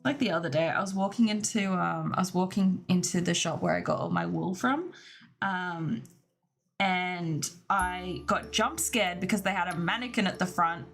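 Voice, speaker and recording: A woman's voice: lowish voice, normal speed, vocal fry. A young woman with an Australian accent, chatting casually and rambling to her stream chat, often laughing.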